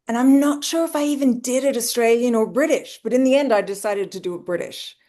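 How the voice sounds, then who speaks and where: A woman's voice: fairly high pitch, fairly quick, warm tone. A middle-aged woman, a guest actor, telling stories in an easygoing, chatty way over a video call. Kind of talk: casual podcast chat.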